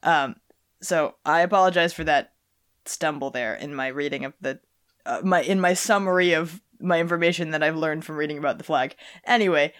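Rambling young woman, low voice. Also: brisk. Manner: rambling, many fillers and restarts. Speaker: podcast host. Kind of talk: casual chat.

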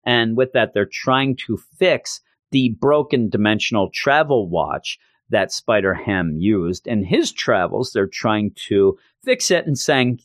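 A man co-hosting a podcast, recapping a comic issue in casual chat and switching into goofy high voices when quoting characters. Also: a little slow, hardly any pauses, no echo, studio quality. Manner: animated retelling, jumps into high goofy voices for quotes. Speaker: podcast co-host reviewing comics.

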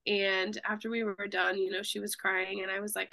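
A woman's voice: mid-range voice, little pitch movement, normal speed, vocal fry, pushed and bright, no echo. A woman, a nurse co-hosting a podcast, thinking aloud as she recalls caring for a patient. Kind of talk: casual podcast chat.

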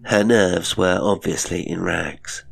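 Deep gravelly male storyteller. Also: steady tone, takes it slowly, slight background noise. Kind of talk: scripted narration of a ghost story.

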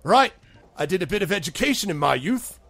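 A man's voice: high-pitched, very animated, a little fast, vocal fry, fairly bright tone, dry recording, voice pushed up, heavily acted. A man doing an earnest old bartender. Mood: eager. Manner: earnest and emphatic, with a colloquial "oi".

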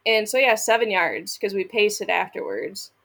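A woman's voice: mid-range voice, moderate pace, vocal fry, fairly bright tone. A woman from Michigan, a podcast guest, telling a story in a casual, blunt and profane way, acting out what people said. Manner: blunt and profane, acts out quoted lines.

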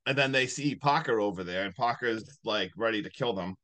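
Animated man recapping a movie. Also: on the low side, fairly quick. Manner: rambling, animated retelling with many likes. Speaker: podcast host.

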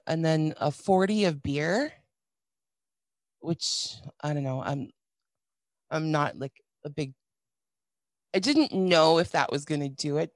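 A middle-aged woman telling a painful personal story in a candid, halting way, with many restarts and dry, wry asides. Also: deep voice, no echo. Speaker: guest sharing a personal story.

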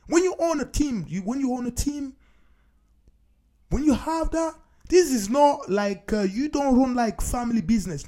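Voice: high-pitched, expressive, normal speed, mellow. A talk show host giving a solo opinion monologue and talking emphatically, hammering points home by repeating key phrases. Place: based in Scotland.

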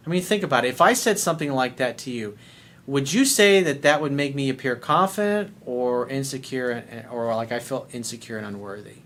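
A man's voice: mid-range voice, a little fast, a bit bright, a little hiss or hum. A man hosting a dating advice video, talking bluntly and sarcastically, with casual swearing. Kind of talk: casual advice monologue reading viewer letter.

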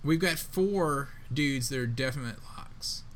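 A man co-hosting a casual sports podcast, talking in an emphatic, excitable way with plenty of slang. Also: medium pitch, measured pace, over a noisy crowd. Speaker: podcast co-host.

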